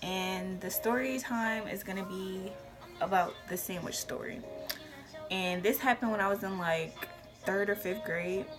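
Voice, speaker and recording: Animated young woman telling a story. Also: medium pitch, a little slow, over music. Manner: animated storytelling with whispered asides and shouted quotes. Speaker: vlogger. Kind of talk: casual storytime.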